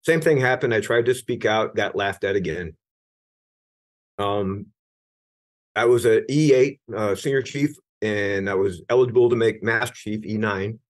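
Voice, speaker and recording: Speaking unhurriedly in a fairly low voice, a middle-aged American man shares his own story in an interview. A retired Navy senior chief, he's candid and earnest, emphatic at moments, with many restarts.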